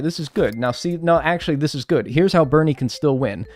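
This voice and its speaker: Lively, rambling male game streamer. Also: fairly high pitch, a little fast, dry recording. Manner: rambling, animated and joking. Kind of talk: casual live-stream gaming chat.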